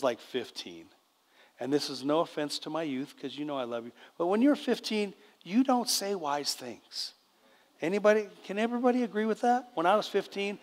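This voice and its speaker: An older man giving a conversational sermon as a preacher, often checking in with the congregation. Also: fairly high pitch. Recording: long reverb of a church hall.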